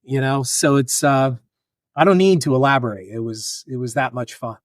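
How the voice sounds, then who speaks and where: A man's voice: mid-range voice, moderate pace, no echo, clean studio sound. A man telling funny personal stories as a podcast guest, acting out the other people in them. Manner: animated, acts out voices in anecdotes. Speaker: guest filmmaker and author. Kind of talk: casual storytelling.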